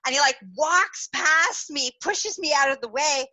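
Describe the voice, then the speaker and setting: A woman hosting a podcast, telling a personal story in a candid, animated way, laughing often and swearing freely. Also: sits high, a little slow, poor audio. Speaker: podcast host.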